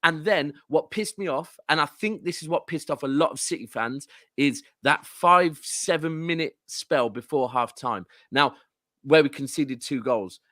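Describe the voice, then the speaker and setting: A man's voice: fairly high pitch, measured pace, pushed and bright, no echo, clean studio sound. A man with a southern English accent, a guest football fan ranting animatedly and swearing in casual podcast chat. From southern England.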